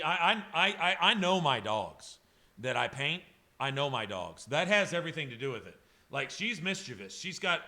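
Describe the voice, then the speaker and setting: Fairly high-pitched and sharp, a male airbrush artist livestreams from his home studio. He rambles, swears, gets emotional, and addresses chat members by name in a casual way.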